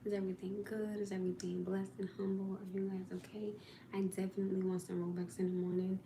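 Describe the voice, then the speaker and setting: A woman's voice: mid-range voice, completely flat delivery, fast talker, gravelly, background noise. A woman casually chatting to viewers on a livestream, talking in an exasperated, chatty way to the people watching.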